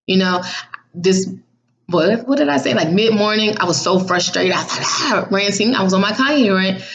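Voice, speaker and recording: A woman hosting a casual devotional vlog, animated and slangy, laughing often. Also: mid-range voice, normal speed. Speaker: vlog host. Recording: dull, muffled recording.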